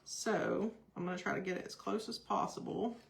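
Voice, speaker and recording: A woman's voice: medium pitch, steady tone, normal speed, vocal fry. Lady doing a live craft demo, chatty and gushy, says hi to folks by name. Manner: gushing, chatty, greets viewers by name. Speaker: craft host. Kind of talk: live-stream craft demonstration.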